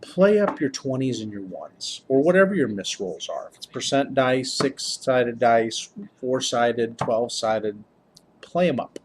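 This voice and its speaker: A man's voice: medium pitch, lively intonation, a little slow, a little hiss or hum. Tired, rambling male game master. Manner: rambling, self-interrupting, upbeat. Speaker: game master giving tips. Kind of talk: casual talk to camera.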